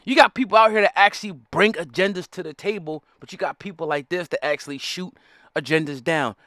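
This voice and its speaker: A man's voice: high-pitched, brisk, bright, forceful tone, dry recording, studio quality. A man ranting in heated commentary, repeating himself and calling on his listeners. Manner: fiery, repetitive, preachy, addresses the audience directly. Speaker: commentary host.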